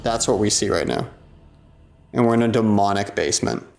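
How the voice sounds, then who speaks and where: A young man, hosting a ghost hunt in a dark basement and talking to both viewers and spirits in a jumpy, excitable way. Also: on the low side, brisk, creaky. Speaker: paranormal investigator and host. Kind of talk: casual vlog narration during a ghost hunt. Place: dark basement of an old club. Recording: echoey room.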